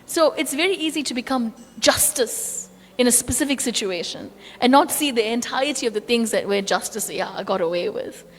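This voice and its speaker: A woman's voice: a little high, animated, fairly quick, hardly any pauses, in a large hall. A woman teaching a devotional class, talking through stories conversationally and acting out the quotes. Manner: storytelling with acted quotes, conversational asides. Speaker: spiritual teacher.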